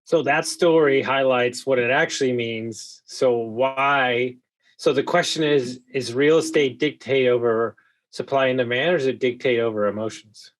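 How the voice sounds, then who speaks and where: An excitable man hosts a conversational interview, his voice sitting in an ordinary middle pitch. He presses his points emphatically, often restarting sentences in his hurry. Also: moderate pace. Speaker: podcast host.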